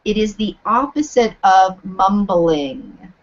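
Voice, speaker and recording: A woman teaching yoga teacher trainees over a video call, giving clear, deliberate instructions. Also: medium pitch, lively intonation, dull audio. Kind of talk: live online teacher training.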